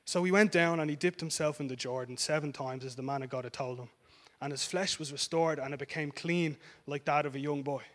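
A man's voice: a little high, brisk, a bit bright. A man preaching a sermon in a conversational way, often checking in with "yeah?" and restarting his sentences. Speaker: pastor.

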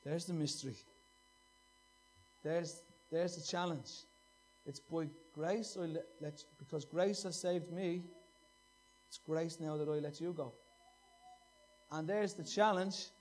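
A man's voice: sits high, fairly even intonation, measured pace, pauses often, a little mellow. A middle-aged man preaching a sermon, impassioned and repeating phrases for emphasis.

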